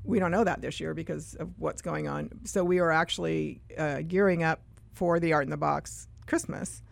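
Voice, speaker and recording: A middle-aged woman speaks as a guest in a radio studio, relaxed and agreeable. Her lowish voice is thick with gravelly fry. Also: normal speed. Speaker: guest, small business owner.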